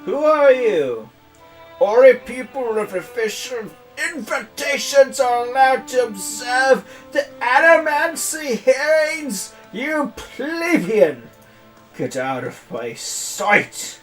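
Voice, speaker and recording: A streamer voicing a haughty game official in a high, sneering, drawn-out voice, recorded on a distant mic with music behind. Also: very animated. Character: haughty snobbish city official.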